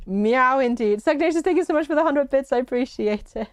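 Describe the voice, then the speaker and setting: A woman's voice: high-pitched, expressive, fairly quick, dry recording, studio quality. A woman game streamer casually chatting, greeting and reading out her chat viewers while she plays.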